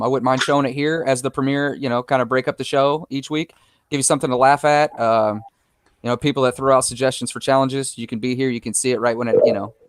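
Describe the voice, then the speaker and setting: A man's voice: medium pitch, clear, resonant tone, no echo. A man chatting casually on a livestream, telling stories and acting out the voices of the people in them. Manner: animated storyteller, acts out quoted voices. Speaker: guest presenting a challenge video.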